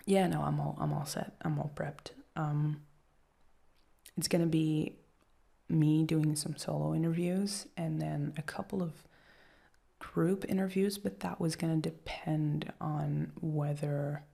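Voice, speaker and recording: A woman in a whispered role-play as an anxious actress girlfriend, soft-spoken and rambling, laughing often. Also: sits low, creaky, husky.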